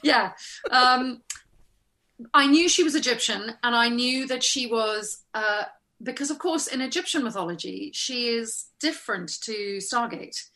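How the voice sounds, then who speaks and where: A middle-aged woman chats as an interview guest, recalling her acting work. Her voice sits slightly high and rings bright and forceful. She tells her stories in an animated way, slipping into the voices of the people she remembers. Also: unhurried. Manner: animated, laughing storyteller who acts out remembered lines. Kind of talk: casual interview storytelling.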